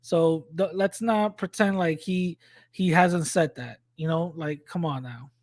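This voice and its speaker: A man with a high, bright-edged voice talks through a clip he is watching, blunt and full of street slang. He picks apart claims one by one in a relaxed, conversational flow. The sound is dry and close, with no room around it. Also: unhurried, no room sound. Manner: blunt, slangy, calls out a lie point by point. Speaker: reaction commentator. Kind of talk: casual commentary on a played clip.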